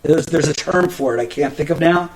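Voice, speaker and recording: Middle-aged guy rambling on a podcast, swears a lot, kinda high voice, keeps restarting. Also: a little fast, rough recording. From New Jersey. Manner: rambling, profane, many restarts and fillers. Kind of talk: casual storytelling monologue.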